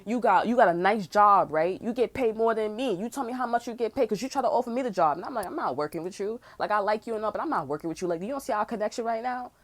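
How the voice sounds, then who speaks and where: A young woman in her twenties venting in a loose, unscripted rant. Her voice sits at an ordinary middle pitch, and she talks heatedly and profanely, with "bro" tossed into almost every sentence. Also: lively intonation, fast talker, hardly any pauses. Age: 20s. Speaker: tarot channel host.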